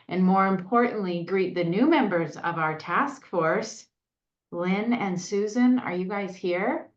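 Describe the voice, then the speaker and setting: A woman chairing a county task force meeting, opening it in a chatty, upbeat, self-deprecating way. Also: fairly low pitch. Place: meeting room. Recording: echoey lo-fi meeting audio.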